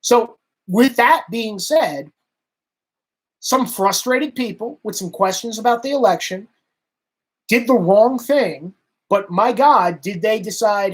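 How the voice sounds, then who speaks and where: A man's voice: high voice, takes it slowly, long pauses, husky. A male commentator delivering a political rant. He is sarcastic and exasperated, and he drives home each point by repeating it. His voice swings between mockery and frustration. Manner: emphatic, repetitive.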